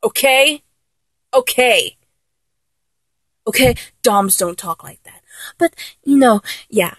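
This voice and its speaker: A woman's voice: on the high side, expressive, slow pace, no echo. A woman playing a flustered young lover who keeps trying and failing to act dominant, in a comedic audio role-play, talking in an exasperated, self-correcting way.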